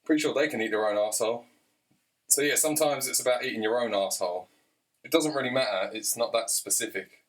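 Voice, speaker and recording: A man's voice: medium pitch, fast, far from the mic. A man rambling through a crude comic monologue, chatty and repeatedly urging the listener on. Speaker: comedian.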